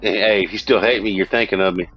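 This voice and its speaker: Deep-voiced blunt sports podcast guest. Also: male voice, steady tone, highs cut off, soft background music. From Texas. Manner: blunt, joking, drawn-out complaints. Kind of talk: casual sports chat.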